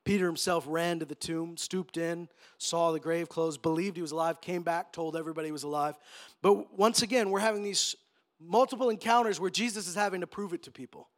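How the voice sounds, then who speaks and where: Guy preaching, high voice, chatty storytelling sermon. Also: fairly quick. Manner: conversational storytelling, rising to emphatic. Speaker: pastor.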